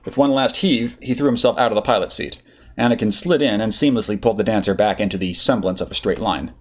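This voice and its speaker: A man reading a story aloud in a lively way, with casual asides. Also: lowish voice, fast. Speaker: reader. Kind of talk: reading fan fiction aloud.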